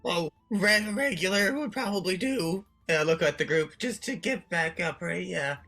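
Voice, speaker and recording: A player speaking in character in a tabletop game, hesitant and polite, halting with "um" and "uh". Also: medium pitch, sharp tone, soft background music. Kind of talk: in-character roleplay.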